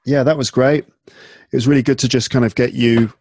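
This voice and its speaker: A man's voice: medium pitch, a little fast, dry recording. A man from England hosting a podcast, talking casually with lots of fillers and restarts. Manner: relaxed, chatty, frequent fillers and restarts. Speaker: podcast host and English teacher.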